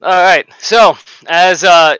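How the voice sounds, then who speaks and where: Bright-voiced game master. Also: male voice, sits high, slow, clean tone, no room sound, poor audio. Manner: casual, laughs often. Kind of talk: narrating a tabletop game.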